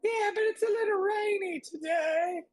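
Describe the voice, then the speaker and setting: A tiny griff child with a very high, thin, meek voice. He is shy and sweet-obsessed. The sound is dry and close, with faint music behind it. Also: moderate pace, dry recording. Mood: excited. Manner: meek, piping.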